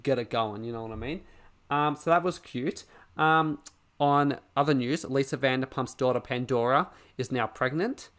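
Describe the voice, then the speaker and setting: Podcast co-host: man, casual, sweary, animated rants. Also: medium pitch, moderate pace. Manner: swears a lot, ranting and animated. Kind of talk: casual chat.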